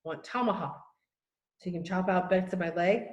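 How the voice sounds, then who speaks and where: A woman voicing a proud, demanding adult male chief who speaks in slow, clipped broken phrases, in an echoey room. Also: on the low side, dull audio, natural voice.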